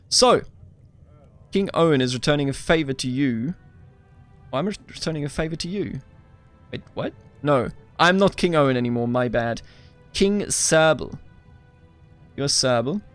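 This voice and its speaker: A man's voice: a little high, expressive, fairly quick, soft background music. A young man giving casual, playful gameplay commentary as the host, chatting back at the characters on screen. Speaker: let's play host.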